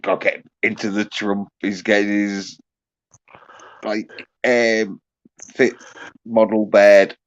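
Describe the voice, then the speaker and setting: Brief: slow, halting male streamer, casual swearing, muffled lo-fi sound. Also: on the low side, little pitch movement. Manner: halting, profane, joking. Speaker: host. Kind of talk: casual livestream chat. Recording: muffled lo-fi audio.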